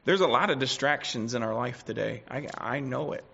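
A man preaching a sermon, swinging between loud declarations and quiet asides. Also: mid-range voice, fairly quick, vocal fry, husky. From United States. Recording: dull lo-fi recording.

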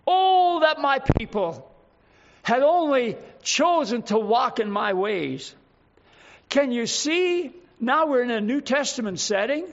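An older man preaching a sermon, fervent and stretching key words for emphasis, on a dull lo-fi recording. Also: very high voice. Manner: fervent, drawn-out emphatic phrases.

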